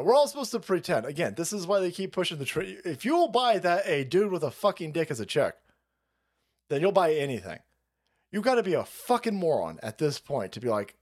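A man hosting a live stream, reacting to news clips with mocking, profane commentary and frequent laughter. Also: high-pitched. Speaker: stream host.

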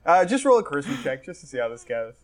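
A man's voice: fairly high pitch, very animated, fast, slight background noise. A young man narrating as game master, talking casually and rambling with many fillers.

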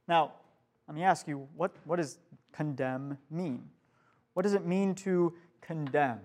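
A man's voice: a little high, a little slow, a little mellow. A young man, a youth pastor, giving a casual youth group sermon to a live room, asking the listeners questions as he goes.

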